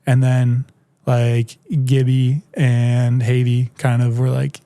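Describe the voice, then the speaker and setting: A man in his twenties, a podcast guest telling stories in casual chat, animated and full of "like" fillers. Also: mid-range voice, slow, smooth, no echo. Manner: animated storyteller, heavy "like" filler.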